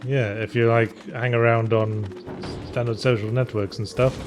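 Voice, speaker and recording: A man's voice: mid-range voice, little pitch movement, moderate pace, music in the background. A man with a mid-range voice chatting casually while playing a game, making dry, wry remarks. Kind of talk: casual chat over gameplay.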